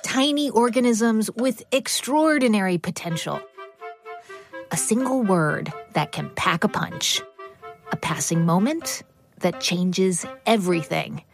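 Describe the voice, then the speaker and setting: A woman's voice: medium pitch, slow pace, gravelly, over music. A woman hosting a radio show, reading scripted narration. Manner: lively, scripted delivery.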